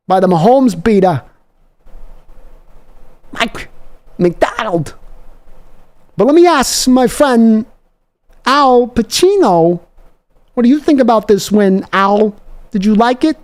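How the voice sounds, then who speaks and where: A man putting on a dramatic celebrity impression, rallying sports fans with a slow, drawn-out theatrical delivery full of odd pauses. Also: high-pitched, pitched above the performer's own voice.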